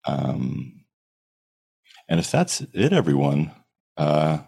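Very deep, gravelly, slow-talking man. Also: sing-song, mellow. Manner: unhurried, wraps up the show. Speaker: podcast host. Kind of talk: casual group discussion.

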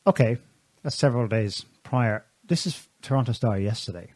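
A man's voice: medium pitch, normal speed, darkish tone, no room sound. A man co-hosting a talk show, giving casual, sardonic political commentary with pointed remarks and frequent restarts. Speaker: show co-host.

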